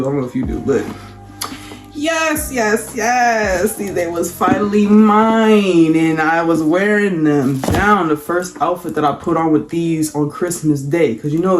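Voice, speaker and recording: A young woman vlogger telling a casual, slangy storytime, acting out what people said. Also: deep voice. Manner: animated, slangy, acts out quotes.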